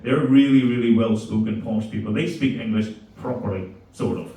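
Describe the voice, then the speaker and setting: Man in his forties, crude and lively stand-up, echoey club room, mic far off. Casting: a headliner telling stories. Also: fairly low pitch, moderate pace. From Belfast, Northern Ireland. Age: 40s. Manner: crude, animated storytelling. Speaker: stand-up comedian. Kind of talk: stand-up comedy. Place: comedy club stage.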